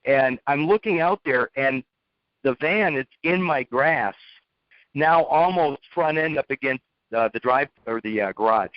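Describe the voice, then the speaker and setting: A man's voice: mid-range voice, animated, measured pace, no echo. A man telling a rambling story to make a point, blunt, often repeating and restarting his words. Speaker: speaker telling a lesson story. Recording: dull lo-fi, dry.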